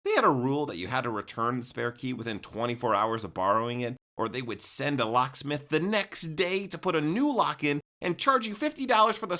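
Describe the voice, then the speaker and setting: A young man, narrating a comic storytime in an animated, exaggerated way with jokey asides. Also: a little high.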